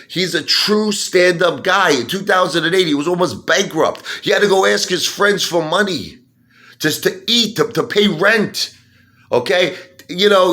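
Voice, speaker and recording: Brief: excitable male vlogger, rants and mocks, voice jumps up and down a lot. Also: fairly high pitch. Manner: excitable, mocking, swings between loud and muttering. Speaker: stock-market video host. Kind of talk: animated ranting monologue.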